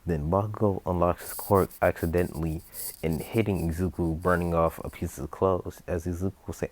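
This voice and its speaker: A man's voice: low voice, fairly even intonation, brisk, darkish tone. A man improvising a fan story aloud, rambling, full of fillers and self-corrections.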